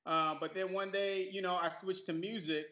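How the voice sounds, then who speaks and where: A man from New York City, a guest actor telling stories in a relaxed, casual interview, often laughing. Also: high-pitched, normal speed, echoey room, lo-fi sound. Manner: laid-back, laughing storyteller.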